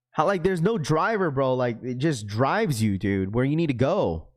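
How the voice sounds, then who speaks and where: A man hosts a livestream of casual chat, reading viewer comments aloud in slangy talk, saying "bro" constantly and laughing a lot in a loose, joking way. His voice is mid-range and slightly mellow, moving at normal speed with few pauses.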